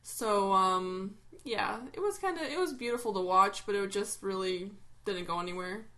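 A woman co-hosting a casual podcast chat, rambling and pausing often with ums. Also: medium pitch, fairly bright tone. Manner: rambling, hesitant with many ums. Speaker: podcast co-host.

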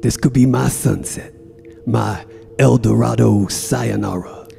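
A man doing a gravelly, brooding tough guy. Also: mid-range voice, a little slow, mellow, soft background music. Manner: brooding, profane, gravelly musing. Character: gruff tough-guy man drifting in a coma. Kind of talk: improvised comedy role-play.

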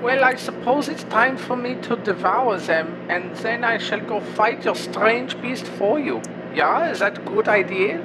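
A man doing a high-pitched pompous mushroom creature. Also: lively intonation, unhurried, heavy background noise. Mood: boastful. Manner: formal, grandiose speech. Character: pompous male mushroom creature, hungry for power. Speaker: caller.

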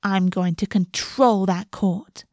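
Brief: sweetly cruel young fae girl, voiced by a female storybook reader; raised pitch, eager and dreamy with a hard edge; dry, close sound. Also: expressive, normal speed, a little mellow, dry recording. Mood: contemptuous. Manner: dreamy, eager, edged with contempt. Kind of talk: storybook reading.

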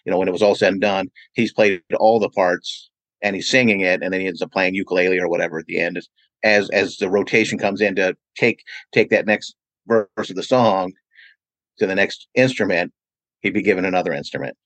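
Low-pitched and a little fast, with a fairly bright tone, the voice belongs to an event promoter and radio DJ from California appearing as a podcast guest. He rambles through long, "you know"-filled anecdotes in answer to interview questions, captured in a low-quality recording without room sound.

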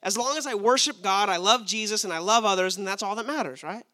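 Bright-voiced emphatic male preacher. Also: high voice, quick pace. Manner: emphatic, asks the audience rhetorical questions. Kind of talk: sermon.

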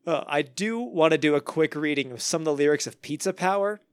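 A man hosts a loose podcast conversation, his voice sitting a bit high and lively as he laughs and pokes fun at what he reads. The recording is dry and close, with little room sound. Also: a little fast, smooth, no echo, soft background music. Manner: animated, laughing, reads lyrics mockingly. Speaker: podcast host. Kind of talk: casual chat.

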